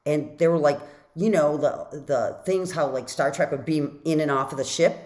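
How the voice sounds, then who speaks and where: A woman author telling a personal story in a casual vlog, chatty and animated, full of "like" fillers and acting out her own reactions. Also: deep voice, normal speed.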